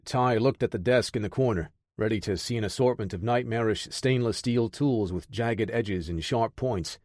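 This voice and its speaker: A man narrating an action audiobook in a steady, measured voice. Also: fairly low pitch, no echo, clean studio sound.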